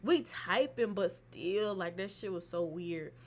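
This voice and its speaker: Woman telling a profane, animated story. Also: mid-range voice, measured pace, a little hiss or hum. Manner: loose, profane, animated storytelling full of fillers. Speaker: storytime vlogger. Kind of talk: casual storytime chat.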